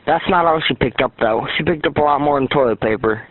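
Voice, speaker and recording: A man in a casual phone conversation, retelling events in a rambling, halting, frustrated way. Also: fairly high pitch, no room sound. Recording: tinny phone line.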